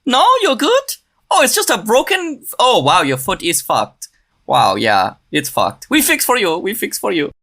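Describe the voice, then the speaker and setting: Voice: slow pace, creaky, few pauses, fairly bright tone, full character voice. A podcast host putting on the voice of an eccentric male surgeon who talks in broken English with a mock foreign accent. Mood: breezy. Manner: very high, chirpy, broken English.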